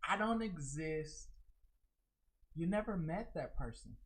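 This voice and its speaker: A woman hosting her own livestream, ranting bluntly and profanely, mocking people in high, loud put-on quotes. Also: expressive, slow pace, pauses often, rough recording. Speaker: livestream host. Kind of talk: unscripted livestream rant.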